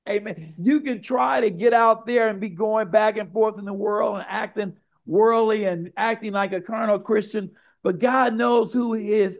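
A man's voice: high voice, vocal fry, a little mellow. A male pastor preaching a sermon, building to emphatic, repeated outbursts.

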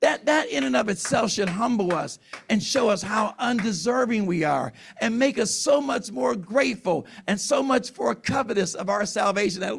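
A man's voice: high voice, expressive, moderate pace, gravelly, a little hiss or hum. A man preaching a sermon in an earnest, emotional, emphatic way.

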